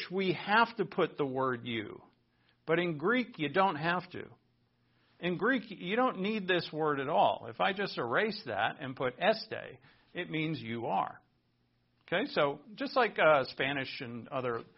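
A man preaching a sermon, explaining Greek words at a board in an animated teaching style and repeating phrases for emphasis. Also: fairly high pitch, slightly rough. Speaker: pastor. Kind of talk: sermon with Greek word study at a whiteboard. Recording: dull lo-fi recording.

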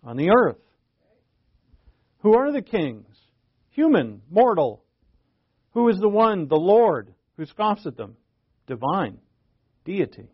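Casting: male preacher, fifties, slightly high voice, chatty rhetorical delivery, muffled lo-fi sound. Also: sing-song, takes it slowly, long pauses, slightly rough. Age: 50s. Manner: conversational, rhetorical questions, frequent restarts. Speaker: pastor. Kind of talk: sermon, Bible teaching. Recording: dull lo-fi recording.

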